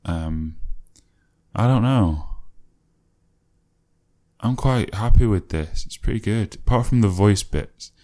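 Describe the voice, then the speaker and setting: A man's voice: fairly low pitch, animated, slow, long pauses, warm tone. A man, a musician casually reflecting on his own old music, rambling and musing with many fillers and self-corrections.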